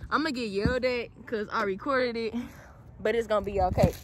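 A young woman vlogging outdoors, unboxing on camera, loud and playful and out of breath. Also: a little high, fairly even intonation, a little fast. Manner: loud, playful, laughing, talks straight to viewers. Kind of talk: casual unboxing vlog. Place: outdoors in wind. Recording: outdoor phone audio with wind noise.

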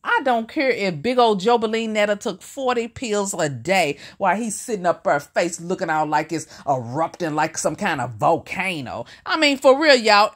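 A woman giving teasing, mocking reaction commentary and talking straight to her viewers. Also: medium pitch. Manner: sassy, teasing, talks to viewers as y'all.

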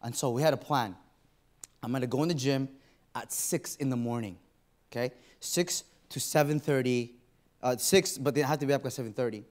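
A man's voice: medium pitch, normal speed, a little mellow. A man preaching a sermon in a church, telling a personal story and acting out his own inner voice. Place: church auditorium.

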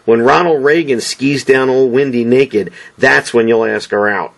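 A man's voice: mid-range voice, unhurried, vocal fry. A man doing a whiny, needling teen jock. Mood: taunting. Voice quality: whiny, insinuating. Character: whiny, taunting teenage boy footballer.

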